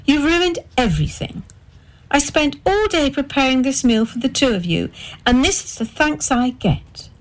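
A woman voicing a bitter middle-aged wife and mother who accuses and weeps in a shrill voice. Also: animated, normal speed. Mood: accusing.

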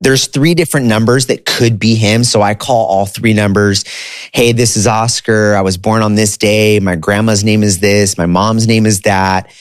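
A man's voice: lowish voice, fairly even intonation, normal speed, clear, resonant tone, dry recording, clean studio sound. A man in his thirties telling a personal story in a loose, conversational way, dropping "dude" and "like" as he goes.

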